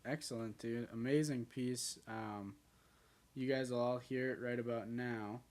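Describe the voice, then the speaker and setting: A man co-hosting a podcast, talking in a hesitant, soft-spoken way with many "like"s and "um"s. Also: mid-range voice, fairly even intonation, a little slow. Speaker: podcast co-host. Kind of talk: casual chat.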